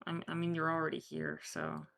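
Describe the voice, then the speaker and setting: Low gravelly woman playing her character. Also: big pitch swings, a little fast, fairly bright tone. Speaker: player voicing her character. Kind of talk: in-character tabletop role-play.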